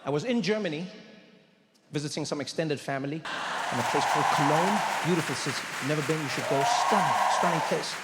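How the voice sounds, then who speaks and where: A man doing stand-up comedy on a live stage, telling an animated story and acting out the voices of other people. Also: fairly high pitch, fast talker, in a large hall, a loud crowd, heavy background noise.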